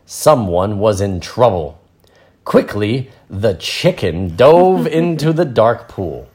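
Relaxed male storyteller, unhurried and expressive, teaching as he reads. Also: lowish voice. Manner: relaxed, playful, explains words plainly. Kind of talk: reading a picture book aloud with explanations.

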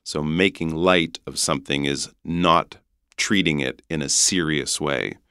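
A man's voice: rumbling low, unhurried, sharp tone, smooth, no room sound, clean studio sound. A man with a Canadian accent, a guest teacher patiently explaining English pronunciation on a podcast lesson.

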